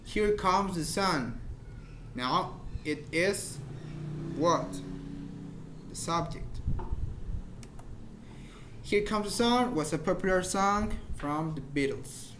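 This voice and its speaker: Man, high voice, informal English teacher, patient repeated examples, slight hiss. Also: expressive. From Mexico. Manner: explains slowly with repeated examples, searches for words. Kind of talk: informal grammar lesson.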